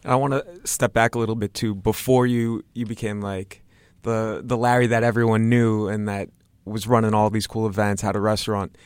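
A man's voice: lowish voice, little pitch movement, normal speed, a little mellow, clean tone, no room sound. A man interviewing a guest, asking curious follow-up questions in a casual way.

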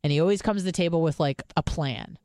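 A woman's voice: low voice, fast talker, dark tone, dry recording, clean studio sound. A woman co-hosting a casual chat show, telling a long story in a profane, rambling way with many restarts. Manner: profane, rambling, self-interrupting. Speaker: co-host.

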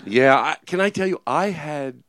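A man comedian telling a rambling, animated story in casual chat. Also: on the high side, moderate pace, a little hiss or hum.

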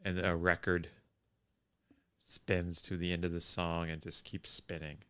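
A man's voice: low-pitched, level tone, unhurried, fairly bright tone, smooth. A man co-hosting a podcast in casual chat, teasing his co-host while recapping a plot.

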